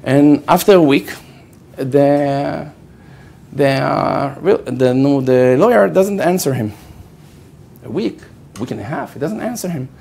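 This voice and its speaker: Before a live audience, a Hebrew-speaking rabbi lectures through a Torah story, voicing the quoted characters and asking "okay?" again and again. His voice is on the high side and gravelly, his pace a little slow with frequent pauses, and faint background noise is audible.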